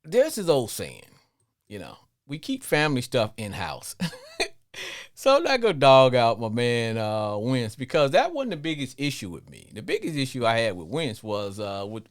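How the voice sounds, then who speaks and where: A middle-aged man hosting a live football call-in show in a loose, rambling way. His pitch swings widely from low mutters to sudden high bursts, and he keeps stumbling over repeated words. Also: sing-song, measured pace. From Arkansas, with Louisiana family. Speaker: podcast host. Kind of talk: live sports call-in rant.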